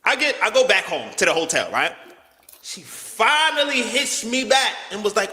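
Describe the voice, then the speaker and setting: A man's voice: moderate pace, in a large hall. A man telling a casual, slangy story, acting out the quotes with big swings in his voice. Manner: animated, slangy, swings pitch widely, acts out quotes.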